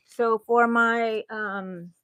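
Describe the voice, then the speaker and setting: Very slowly and with a steady tone, a crochet host in her 60s rambles to livestream viewers from her bedroom. Her voice is on the high side and fairly bright, with a little hiss or hum in the background.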